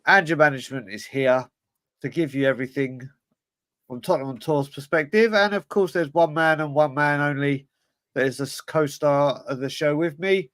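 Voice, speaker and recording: A chatty man hosts a casual fan podcast, his voice sitting a little high for a man. The sound is close and dry, with no room around it. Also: normal speed, fairly bright tone, no room sound. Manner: chatty, greets viewers one by one. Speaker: podcast host.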